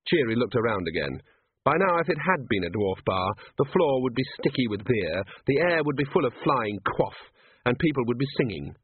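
A man narrating a story in a lively storytelling manner. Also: mid-range voice, normal speed, slightly rough, dry recording. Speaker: audiobook narrator. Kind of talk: scripted narration. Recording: tinny phone-like dry recording.

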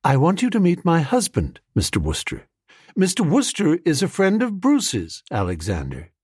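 Reserved young former actress, polite, husky tone, voiced by a man. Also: fairly high pitch, wildly swooping pitch, normal speed, darkish tone, dry recording, clean studio sound, full character voice.

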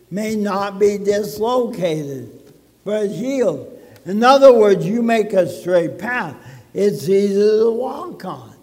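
In a church sanctuary, a male pastor preaches slowly and deliberately, lingering on every phrase and using dramatic pauses. His high, light voice echoes with a long reverb through the hall.

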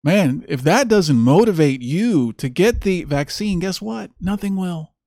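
A man's voice: sits high, lively intonation, unhurried, mellow, no room sound. A man hosting his own stream, ranting in a sarcastic, mocking way about a clip he has just played. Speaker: streamer host. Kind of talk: casual solo stream commentary.

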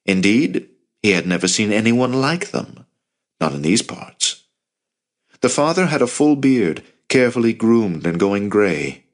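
A man narrating a novel as an audiobook in a steady storytelling manner. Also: fairly low pitch, measured pace. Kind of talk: scripted narration.

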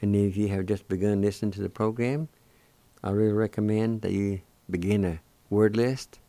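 A man with a Cherokee accent hosting a radio language lesson, slowly spelling words out letter by letter and pronouncing each syllable. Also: fairly low pitch, steady tone, mellow, dry recording. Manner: slow, deliberate, spelling letter by letter. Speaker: radio language program host. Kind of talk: slow spelled-out pronunciation lesson.

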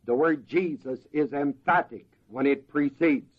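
Slow-preaching man on a dull recording. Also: on the high side. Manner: slow, deliberate, asks the congregation to fill in words. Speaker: pastor. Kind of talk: verse-by-verse sermon.

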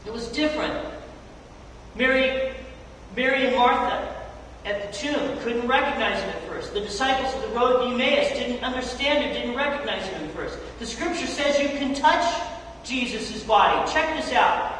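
A preacher giving a sermon in a church sanctuary, animated and casual, acting out scripture scenes in slangy everyday talk. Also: medium pitch, normal speed. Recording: echoey church hall, distant mic, faint noise.

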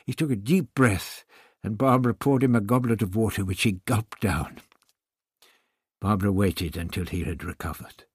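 A man narrating an audiobook in a measured, storytelling way. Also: lowish voice, husky, no echo, studio quality.

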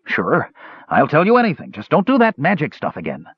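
A man voicing a cowardly male hired thief who whines and pleads in rough speech. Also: on the high side, huge pitch swings, brisk, no echo, dull audio, pitched above the performer's own voice, exaggerated voice. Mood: whining. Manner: whiny, pleading, rough grammar.

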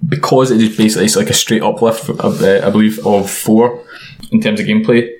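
A man's voice: fairly low pitch, fairly even intonation, fairly quick, a little mellow, slight background noise, rough recording. A man co-hosting a casual chat about video games, rambling and full of restarts. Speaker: podcast co-host.

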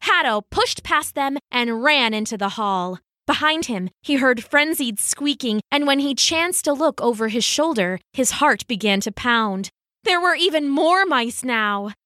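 A woman narrating a storybook aloud with a lively, swooping melody and a slow, unhurried pace. Her voice is bright and clear, recorded dry and close. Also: sits high, dry recording.

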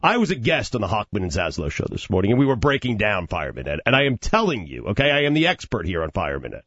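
A man's voice: fairly low pitch, very animated, fast talker, a bit bright, no room sound, muffled recording. A man co-hosting a sports radio show in casual banter, insistent and boastful, repeating his points.

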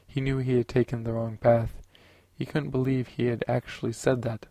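A man narrating a science fiction audiobook in a steady, unhurried way. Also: mid-range voice, no room sound.

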